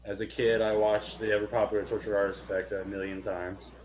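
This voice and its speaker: Young man telling a lively story. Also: lowish voice, fairly quick, a little hiss or hum. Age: young adult. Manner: animated storyteller, swears freely. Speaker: podcast co-host. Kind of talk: casual chat.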